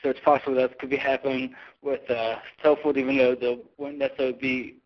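A man's voice: medium pitch, little pitch movement, quick pace. Hesitant man on a muffled voicemail. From North Carolina, USA. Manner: hesitant, many ums and uhs. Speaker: caller. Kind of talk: voicemail question.

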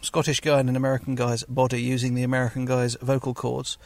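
A man's voice: mid-range voice, completely flat delivery, quick pace, a little mellow, dry recording. A man leaving a casual, argumentative voicemail comment for a podcast. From England. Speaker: caller.

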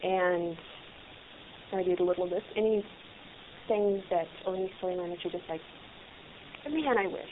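A woman's voice: fairly low pitch, flat delivery, normal speed, pauses often. A woman interviewing an actress, asking friendly questions with the eagerness of a fan. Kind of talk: casual interview chat. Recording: tinny phone-like line with faint hiss.

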